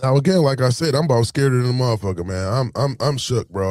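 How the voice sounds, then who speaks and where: A man telling a story in a casual, animated, streetwise way, swearing freely. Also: medium pitch, quick pace, no echo, clean studio sound.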